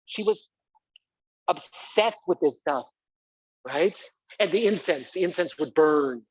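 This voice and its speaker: A man's voice: fairly high pitch, animated, slow, breathy edge, no echo, highs cut off. A man performing a live one-man stage show, talking theatrically and prodding the audience to join in. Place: community center stage.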